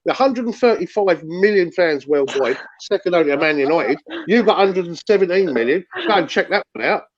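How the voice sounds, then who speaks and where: A man's voice: high voice, animated, a little fast, lo-fi sound. A man, a Chelsea fan trading heated football banter on a livestream, mocking and combative, swearing and calling everyone "mate". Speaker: guest pundit, Chelsea fan.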